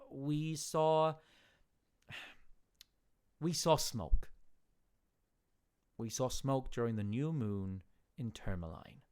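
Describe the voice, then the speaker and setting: A man's voice: mid-range voice, smooth. A man voicing a pushy male merchant in his thirties who rambles insistently and is impatient to get away.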